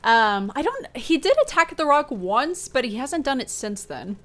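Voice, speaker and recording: A woman streaming a video game, shouting in panic during fights and thinking aloud calmly between them. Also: sits high, moderate pace. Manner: panicky shouting, then calm musing. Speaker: gaming streamer. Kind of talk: live gameplay commentary.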